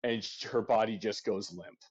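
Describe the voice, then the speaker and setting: A man narrating as game master in a tabletop game, in a halting, casual manner full of fillers. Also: lowish voice, steady tone, a little mellow, breathy edge, muffled recording.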